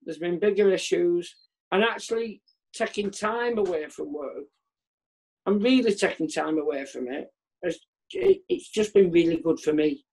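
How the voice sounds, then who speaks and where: A man's voice: sits high, very animated, moderate pace, vocal fry, a little mellow, slightly rough. A man who is a comedian, chatting candidly as an interview guest over a video call, rambling and self-deprecating and trailing off mid-sentence. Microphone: remote video call.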